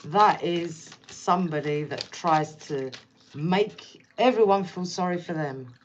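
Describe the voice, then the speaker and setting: A woman's voice: lowish voice, slow pace, lo-fi sound, a little hiss or hum. A woman giving a casual tarot reading, speaking bluntly and repeating herself as she addresses the viewer directly. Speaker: tarot reader.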